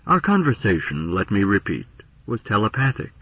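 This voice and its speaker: Brief: low, husky male narrator, expressive rise and fall, heard through a thin, phone-like old radio line. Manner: measured, solemn, expressive. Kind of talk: scripted storybook narration. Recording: tinny distant old radio broadcast.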